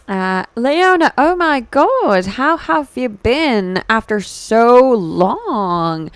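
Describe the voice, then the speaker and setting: A woman's voice: on the high side, very animated, extremely slow, clean tone, no room sound. A woman VTuber chatting with her live-stream viewers, giggling, answering chat messages playfully and switching between English and Hindi.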